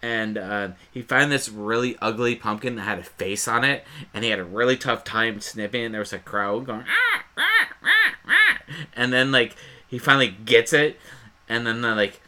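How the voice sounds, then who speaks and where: A man's voice: on the low side, fairly even intonation, moderate pace, pushed and bright. A man co-hosting a podcast, casually chatting and swearing as he rambles through a movie retelling. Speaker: podcast co-host. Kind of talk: casual chat.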